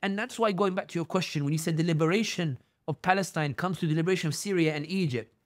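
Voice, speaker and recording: A man's voice: on the high side, fast, dry recording, clean studio sound. A man speaking as a guest on an interview podcast, telling stories with feeling and acting out the voices of people he quotes. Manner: animated storyteller, acts out quoted voices. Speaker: guest commentator.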